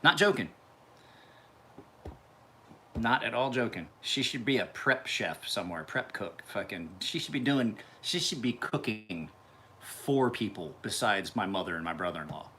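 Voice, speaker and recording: Profane man rambling on a live feed, laughs a lot, bright tone. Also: fairly low pitch, expressive, a little slow, slight background noise. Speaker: knife sharpener hosting a live stream. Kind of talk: casual live stream chat.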